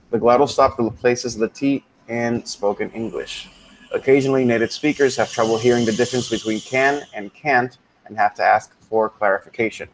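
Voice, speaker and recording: Relaxed man teaching English grammar, fairly low. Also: slight background noise, poor audio. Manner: relaxed, thinks aloud with many ums and mutters asides. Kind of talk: casual grammar lesson, switching into Spanish.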